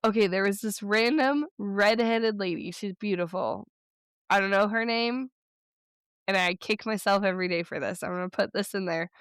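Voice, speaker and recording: A woman co-hosting a podcast in casual chat, telling stories in a chatty, rambling way with quick bursts. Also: mid-range voice, a bit bright, clean tone, dry recording, studio quality. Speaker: podcast co-host.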